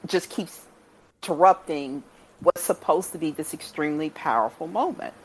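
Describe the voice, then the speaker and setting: A woman in a casual chat, retelling scenes with animated delivery. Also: low-pitched, normal speed, a little hiss or hum, poor audio. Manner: animated storytelling with mimicked voices.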